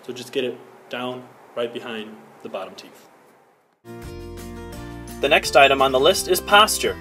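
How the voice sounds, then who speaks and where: A young man walks through singing basics in an earnest, instructive way, breaking off to sing short vowels as examples. His pitch sits in the middle for a man. Faint music plays softly behind him. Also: animated, unhurried. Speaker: singing teacher. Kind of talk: school project tutorial.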